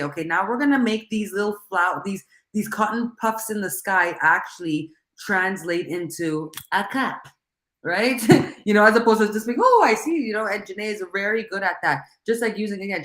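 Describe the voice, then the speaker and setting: A middle-aged woman hosting a casual talk show, talking in an animated, rambling way and laughing often. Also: medium pitch, echoey room.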